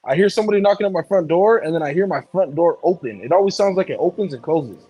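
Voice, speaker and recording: A man in casual chat, telling a personal story in an animated, profane way. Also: high voice, quick pace, husky, no room sound, poor audio.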